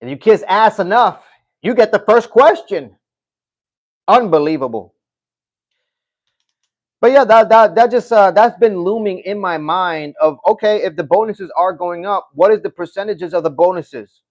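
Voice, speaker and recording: A man hosting a casual livestream, reading chat comments and talking straight to his viewers, animated and swearing now and then. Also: high-pitched, moderate pace. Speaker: livestream host.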